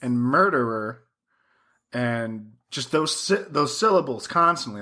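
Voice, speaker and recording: A man's voice: mid-range voice, animated, a little slow, bright, forceful tone. A young man co-hosting a podcast, chatting casually, swearing freely and laughing often as he acts out lines. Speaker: podcast co-host. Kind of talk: casual chat.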